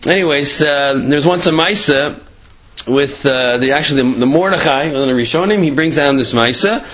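A man's voice: a little high, moderate pace, a bit bright. A man casually telling religious stories, rambling with many fillers and restarts. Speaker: Torah storyteller. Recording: dull lo-fi recording.

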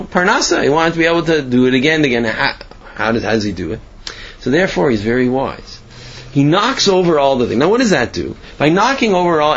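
A man's voice: fairly high pitch, husky, lo-fi sound. A man giving a sermon and telling parables, asking himself questions as he goes. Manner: storytelling, animated, asks himself questions.

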